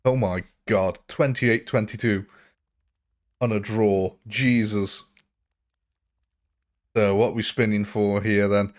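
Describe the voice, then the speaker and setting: A man's voice: lowish voice, steady tone, takes it slowly, long pauses. A man live-streaming a game, chatting casually, answering viewers' comments and laughing often. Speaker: gaming livestreamer.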